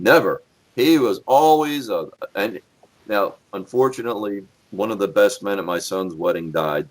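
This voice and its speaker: Middle-aged man, podcast guest, former cop, blunt, profane, animated pitch, lowish voice. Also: normal speed. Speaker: guest, former police officer. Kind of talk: casual podcast storytelling.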